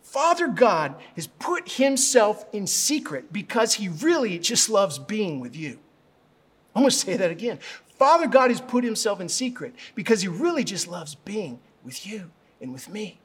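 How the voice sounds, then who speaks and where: A middle-aged man, a pastor, preaching a sermon and telling a story, rising to loud, fervent prayer. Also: high-pitched, sing-song, moderate pace, breathy edge.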